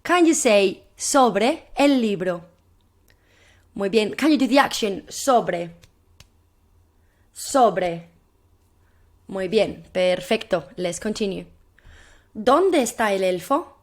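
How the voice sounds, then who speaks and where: A woman teaching a recorded classroom lesson, encouraging her pupils and repeating phrases slowly so they can echo them. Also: mid-range voice, animated. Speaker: primary Spanish teacher.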